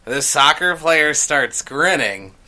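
Man, podcast host, slow halting talk, bright sharp voice. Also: a little high, expressive. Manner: rambling storyteller, halting restarts. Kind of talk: casual chat.

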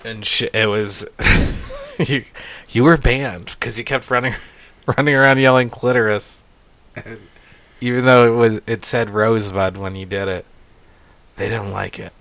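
A man's voice: medium pitch, fairly even intonation, a little slow, pauses often, fairly bright tone. A man co-hosting a podcast in casual chat, crude and joking, laughing often. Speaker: podcast co-host.

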